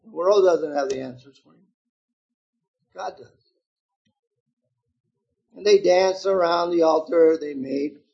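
A man in his seventies preaching a sermon, reading scripture aloud with loud emphatic stretches and quiet, low asides to his listeners. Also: takes it slowly, vocal fry, long pauses, breathy edge, dull audio. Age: 70s.

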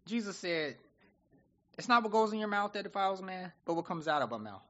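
A man preaching a sermon in an animated, conversational way, often acting out what people say. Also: sits high, fairly quick, lo-fi sound.

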